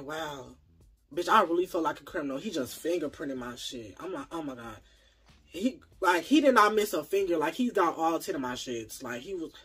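A tired man telling a casual, profane story to his viewers, jumping from loud outbursts to low mumbles. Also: breathy edge. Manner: profane, slangy.

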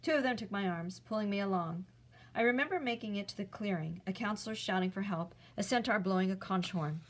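A woman, a teacher, reading a chapter book aloud in a clear, steady storytelling voice. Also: medium pitch, brisk, poor audio.

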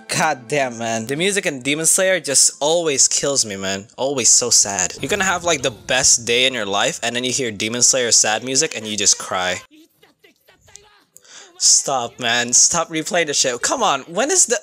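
A young man giving casual, excitable reaction commentary, swearing freely and breaking into sudden outbursts. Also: a little high. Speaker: anime reaction youtuber.

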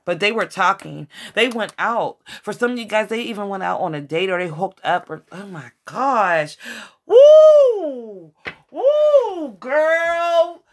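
A woman giving a casual tarot reading to her viewers, excitable and swearing often as she talks to them directly. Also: mid-range voice, fairly quick, hardly any pauses. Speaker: tarot reader.

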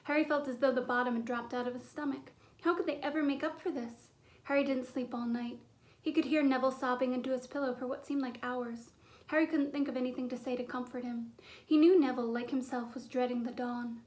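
A woman reading a children's storybook aloud in clear, steady narration. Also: high-pitched, a little fast. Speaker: audiobook reader.

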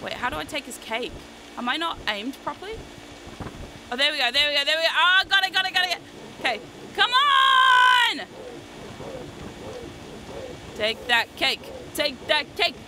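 A woman streamer giving live gameplay commentary. She is excitable, shrieks and swears at the game, and makes chatty, self-mocking asides to viewers. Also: sits high, brisk, heavy background noise. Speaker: VTuber streamer playing a video game. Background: game music.

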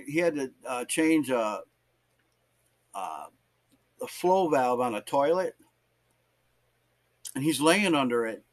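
A male pastor tells a sermon story to his church. His voice sits a little high for a man. He slips into the voices of the people in the story as he goes. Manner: animated, acts out voices in stories.

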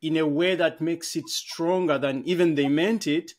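A man's voice: fairly high pitch, steady tone, moderate pace. A man co-hosting a podcast, talking thoughtfully in a casual conversation and explaining ideas through everyday examples. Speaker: podcast co-host.

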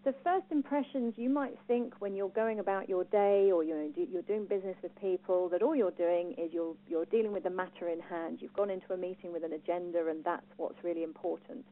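A woman with a Home Counties English accent giving a lively talk on personal branding to a live audience, asking them questions. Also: lowish voice, a little fast, hardly any pauses. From England. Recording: phone-like thin sound.

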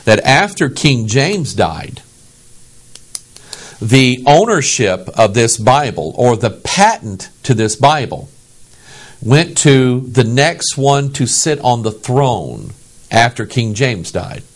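Man from the US, pastor, preaching with a lively, swinging voice; emphatic, keeps asking "okay?". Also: mid-range voice, slow. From United States. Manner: animated, emphatic, asks the audience "okay?". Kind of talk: sermon.

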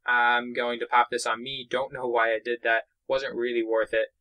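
A young man from Boston giving excitable, chatty commentary while playing a mobile game. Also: medium pitch, moderate pace, poor audio. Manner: excitable, chatty, narrates own moves. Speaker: gaming YouTuber. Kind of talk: let's play commentary.

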